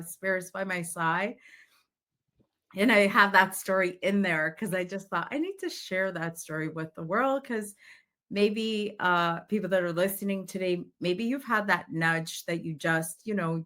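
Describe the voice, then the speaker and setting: A woman's voice: mid-range voice, bright, forceful tone. A middle-aged woman, a psychic medium, telling a story in an interview and acting out the quoted voices.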